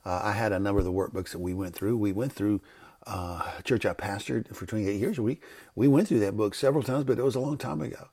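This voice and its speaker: With a lowish, warm voice and a breathy edge, an older pastor speaks a little fast. On his devotional podcast he talks unscripted, rambling and correcting himself conversationally as background noise carries on.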